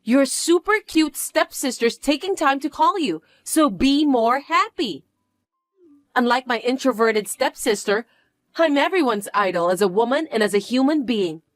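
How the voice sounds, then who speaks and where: A woman's voice: sits high, expressive, normal speed, no echo. A woman voicing a spoiled, boastful young stepsister who talks in a condescending, whiny and demanding way. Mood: smug, bratty. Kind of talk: dramatized story reading.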